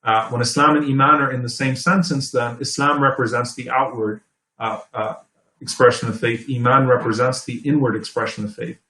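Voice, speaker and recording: A man giving an Islamic sermon in a conversational, explanatory way, often checking in with "okay?" and "right?" and reciting Arabic verses quickly. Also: mid-range voice, steady tone, sharp tone, reverberant, rough recording. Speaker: Islamic preacher. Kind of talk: sermon lecture.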